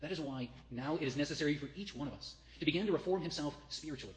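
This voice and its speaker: A man's voice: on the high side, rapid-fire, a little hiss or hum. A man preaching a fervent sermon as a priest, reading quotations aloud to the congregation. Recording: long hall reverb.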